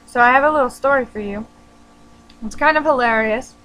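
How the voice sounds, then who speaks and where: Teen girl vlogger, chatty and self-deprecating, bright youthful pitch. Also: a little fast, low-quality recording. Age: teens. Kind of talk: casual storytelling vlog.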